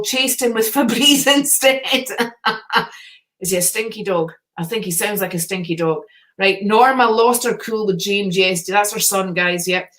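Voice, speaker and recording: A woman's voice: mid-range voice, fairly bright tone. A middle-aged woman hosting a casual live stream, reading out viewer comments, chatty and encouraging and swearing casually.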